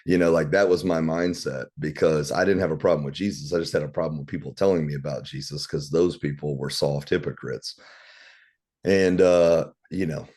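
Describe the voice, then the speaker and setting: A man's voice: extremely low pitch, steady tone, normal speed, darkish tone. A man, casually teaching a Bible study and telling rambling, candid stories with some swearing. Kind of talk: casual preaching and storytelling.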